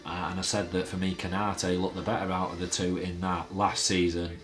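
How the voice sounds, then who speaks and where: A man's voice: low voice, little pitch movement, brisk, a bit bright, faint music behind. A man hosting a fan channel, chatting casually and rambling with lots of fillers and restarts. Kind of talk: casual fan vlog chat.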